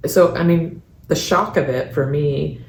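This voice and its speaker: A woman's voice: low voice, measured pace, creaky, a little mellow. A woman hosting a podcast interview, telling stories in a chatty way and acting out the people she quotes. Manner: chatty storyteller, acts out quoted voices. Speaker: podcast host and founder. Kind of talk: casual interview chat. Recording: echoey room with faint background noise.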